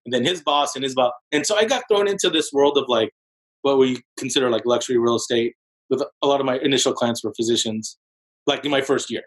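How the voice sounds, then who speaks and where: A man in his forties, a podcast guest, telling his story in an animated, casual way with many fillers like "like". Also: fast talker, poor audio. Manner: animated storyteller, heavy use of "like", jumps into higher voices for quotes. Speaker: podcast guest, real estate broker.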